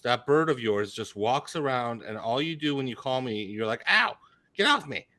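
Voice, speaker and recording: A man on a podcast telling a story in casual chat, animated and teasing, often restarting his sentences. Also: medium pitch, moderate pace. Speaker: podcast co-host.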